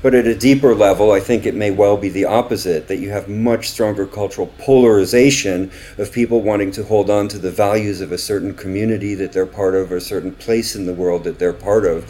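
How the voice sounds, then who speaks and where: An American man with a fairly low voice talks through ideas in a measured, reflective way. He is the guest on an interview podcast and explains things with an occasional filler um. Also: fairly even intonation, dark tone. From United States, raised in Paris from age twelve. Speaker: guest, marketing company chief executive. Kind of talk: conversational interview.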